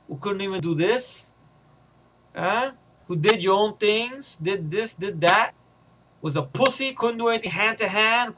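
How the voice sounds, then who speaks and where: एक आदमी एक सख़्त महिला सैनिक का किरदार निभाता है, जो ताने कसते हुए, तिरस्कार भरे लहजे में बोलती है।. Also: male voice, high voice, background noise. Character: tough female soldier, cold and taunting.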